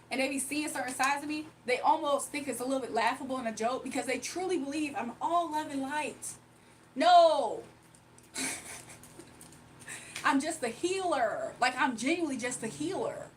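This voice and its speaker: High-voiced woman ranting on livestream. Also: fairly bright tone, recorded from a distance, slight background noise, poor audio. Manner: blunt, repetitive rhetorical questions. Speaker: livestreamer reading cards for chat. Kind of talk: heated livestream rant to chat.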